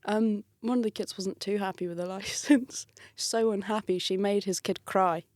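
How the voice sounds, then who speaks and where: Woman, casual storytelling, laughs a lot, acts out voices, mid pitch, dry close sound. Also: moderate pace, dry recording. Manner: animated, laughs often, acts out quoted voices. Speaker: guest telling a work story.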